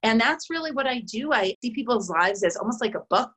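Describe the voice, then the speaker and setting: A woman's voice: fairly high pitch, animated, a little fast, fairly bright tone, breathy edge. A woman in her thirties or forties, a guest talking casually and loosely, with lots of fillers and restarts. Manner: rambling, many "like" fillers, restarts mid-thought. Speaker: interview guest, spiritual reader. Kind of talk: casual conversational explaining.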